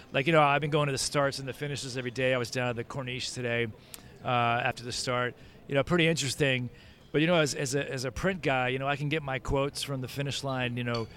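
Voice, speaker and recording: A man's voice: mid-range voice, fairly bright tone. A man, a print journalist hosting a casual interview chat, talking loosely with many fillers and asking questions.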